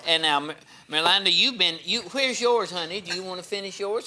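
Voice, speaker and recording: A man's voice: high-pitched, a little fast, slight background noise. A man, a pastor hosting a TV program, chatting and joking exuberantly while tasting food in a studio kitchen. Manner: exuberant, joking, loud exclamations. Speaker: pastor and show host. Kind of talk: TV cooking segment chat.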